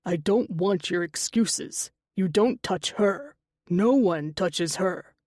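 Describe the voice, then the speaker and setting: A woman's voice: lively intonation, slow, a little mellow, no room sound, clean studio sound. A woman reading the part of a brooding young male shapeshifter commander who snaps and growls, in an audiobook. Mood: irritated. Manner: gruff, snapping, growled low.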